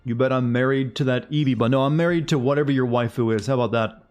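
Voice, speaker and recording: A man streams a video game, chatting casually with his viewers and cracking jokes while he plays. His voice is medium-pitched, quick and a little mellow, rambling along with joking asides to chat, and faint music plays in the background of this laid-back gameplay commentary.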